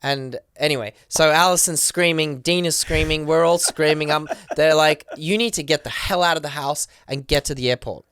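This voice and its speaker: Smooth-voiced man telling an excited story. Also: a little high, no echo, studio quality. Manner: excited, rapid retelling full of "like" and acted quotes. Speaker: podcast guest, professional dancer. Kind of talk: casual storytelling.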